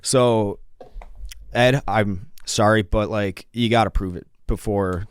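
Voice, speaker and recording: A man's voice: lowish voice, steady tone, slow pace, smooth, dry recording. A man co-hosting a casual sports podcast, telling long rambling stories and swearing freely. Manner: rambling storyteller, swears a lot. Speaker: podcast co-host.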